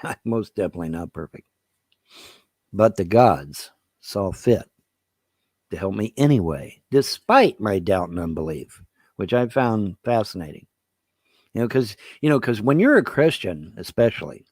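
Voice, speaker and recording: A man's voice: lowish voice, animated, moderate pace, a little mellow, breathy edge, no echo, studio quality. A man rambling casually to his viewers, swearing and laughing often. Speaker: online video host.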